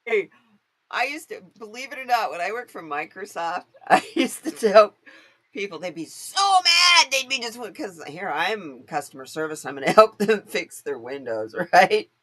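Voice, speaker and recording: A woman's voice: mid-range voice, animated, normal speed. A woman hosting a live stream, talking casually while she reads cards. Her voice rises and falls a lot, and she laughs easily and greets viewers by name as she goes.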